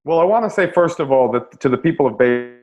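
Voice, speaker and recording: A man's voice: medium pitch, animated, quick pace, a little mellow, faint music behind. A man, a comedian guest, telling wry, self-deprecating stories in a casual podcast chat. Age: young adult.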